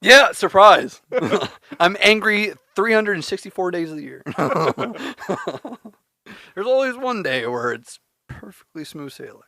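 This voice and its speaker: A man's voice: high voice, expressive, slow, creaky, bright, forceful tone, dry recording. A man co-hosting a podcast, ranting in heavy profanity and laughing often in casual chat. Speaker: podcast co-host.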